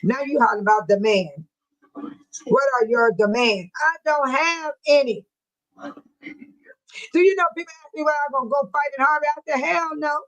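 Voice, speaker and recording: A high-voiced middle-aged woman speaks at a moderate pace, often pausing, on a low-quality recording. She's hosting a casual livestream from around Dolton, Illinois, going through viewer comments and teasing viewers by name as she chats.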